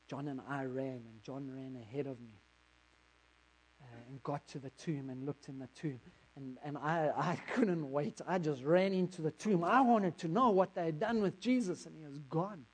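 A man's voice: mid-range voice, slight background noise, natural voice, rough recording. A man preaching in character as the apostle Peter, an impulsive fisherman retelling his story in the first person. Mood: reflective. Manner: first-person storytelling, swelling to excited outbursts. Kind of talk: dramatic monologue in a sermon.

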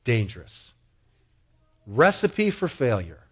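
A man preaching a sermon in a conversational way, asking the listeners questions and growing animated as he tells stories. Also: mid-range voice, unhurried. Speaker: pastor.

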